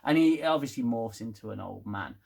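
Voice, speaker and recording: A man's voice: medium pitch, expressive, fairly quick, vocal fry, a little mellow. A man giving a rambling, casual spoken TV review, swearing and getting worked up as he talks. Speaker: TV review vlogger.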